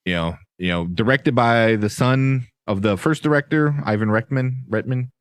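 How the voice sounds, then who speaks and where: A man's voice: mid-range voice, moderate pace, clear, resonant tone, no room sound. A man hosting a casual movie review podcast, talking in a rambling, enthusiastic way with many fillers. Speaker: podcast host.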